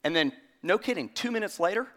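Bright-voiced man preaching. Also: high-pitched, expressive. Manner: conversational storytelling with frequent restarts; hushed, slow prayer voice. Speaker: pastor. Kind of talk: sermon.

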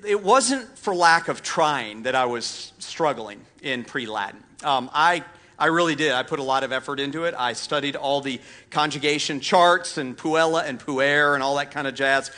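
A man's voice: on the high side, pushed and bright. A man in his thirties, a pastor preaching a sermon, telling a story casually with many fillers and self-deprecating asides. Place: church auditorium.

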